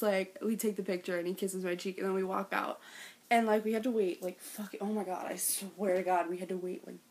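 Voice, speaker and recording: A woman's voice: mid-range voice, a little mellow. A young woman telling a fan meet-and-greet story in a vlog, gushing and breathless, full of "like" and "oh my God". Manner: bursts into giggles when retelling. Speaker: vlogger.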